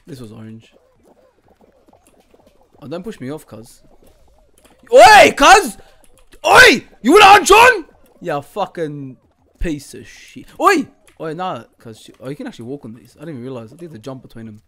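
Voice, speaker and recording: A young man giving casual gaming commentary, swearing a lot, laughing often and yelling now and then. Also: medium pitch, expressive, normal speed, pauses often. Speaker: gaming YouTuber.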